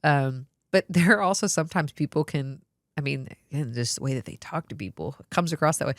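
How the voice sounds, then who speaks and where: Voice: medium pitch, brisk, no echo, studio quality. Friendly physician assistant on a podcast. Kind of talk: casual podcast chat.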